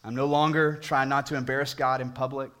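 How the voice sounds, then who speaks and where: A man preaching a sermon, pleading with the congregation, moving from booming emphasis to hushed appeals. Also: level tone, brisk. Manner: talks to the congregation directly with questions. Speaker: pastor.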